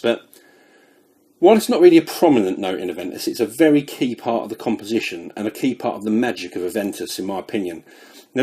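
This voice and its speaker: Husky breathless British man reviewing perfumes. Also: mid-range voice, darkish tone. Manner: chatty, rambling, self-deprecating. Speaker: fragrance reviewer. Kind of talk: casual product review.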